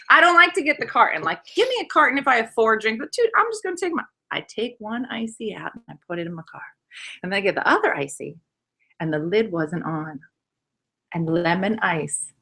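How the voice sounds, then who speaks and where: A woman hosting a casual show tells a comic story to friends in a living room. Her voice is bright and sharp, and it swoops up and down as she rambles on with asides. The delivery is lively and chatty. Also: mid-range voice. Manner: animated, rambling anecdote with asides. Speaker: comedian and show host. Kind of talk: comedic storytelling to friends over wine.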